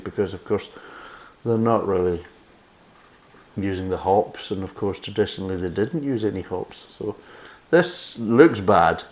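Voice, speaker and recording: Sarcastic Scottish man, lively voice. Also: on the low side. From Scotland. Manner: sarcastic, blunt and swearing, reading the label aloud with mocking asides. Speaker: beer reviewer. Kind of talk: casual review chat.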